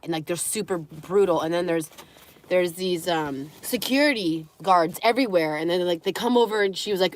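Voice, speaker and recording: A woman's voice: lowish voice, a little fast. A young woman chatting casually on a live stream, with a runny nose, who slips into cooing baby talk with her dogs.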